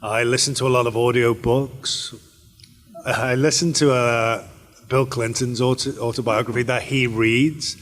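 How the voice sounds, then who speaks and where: A man's voice: mid-range voice, unhurried. A British man answers fan questions at a convention panel, loose and rambling, often restarting his sentences. His voice sits in the middle range. The sound carries the long reverb of a large convention hall. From Britain. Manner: relaxed, rambling, with many fillers and restarts. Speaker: actor and panel guest.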